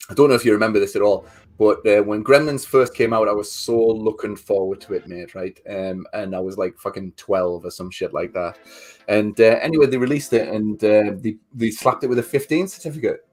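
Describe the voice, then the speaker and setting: A man's voice: fairly low pitch, steady tone, fairly quick, a little mellow. A man in his forties co-hosting a livestream, telling stories in a chatty, casual way and swearing freely. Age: 40s. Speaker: livestream co-host. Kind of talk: casual chat.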